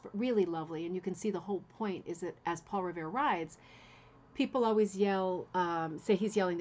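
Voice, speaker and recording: A woman's voice: mid-range voice, a little mellow. A woman hosting a rug hooking channel, talking viewers through a bit of history in a chatty way, with many fillers and "right?" asides. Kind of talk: casual history talk to viewers.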